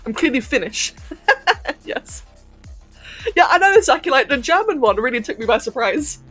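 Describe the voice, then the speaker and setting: A woman from England with a posh London accent, softened by a little Californian, chatting casually and laughing with her chat during a gaming livestream. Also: sits high, sing-song, fairly quick, soft background music. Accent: posh London English, slightly Californian-tinged. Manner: chatty, giggly, answers chat while playing.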